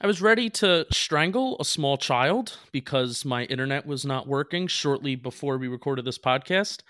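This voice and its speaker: A man co-hosting a casual podcast chat, joking and animated. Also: medium pitch, normal speed, no echo, clean studio sound. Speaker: podcast co-host.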